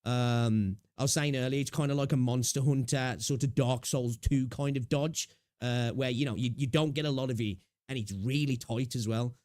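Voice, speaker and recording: A man's voice: medium pitch, steady tone, moderate pace, a little mellow, no room sound, studio quality. A man streaming and reacting to a clip, rambling casually with many fillers and the odd swear.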